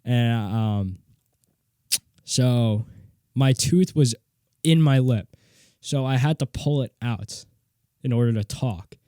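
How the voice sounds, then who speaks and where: A man's voice: mid-range voice, slow pace, long pauses, clean tone, dry recording. Rambling young man telling a story in a home studio. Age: young adult. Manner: rambling, animated, swears casually. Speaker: podcast host. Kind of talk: casual solo storytelling. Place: home studio with guitar and mixing board.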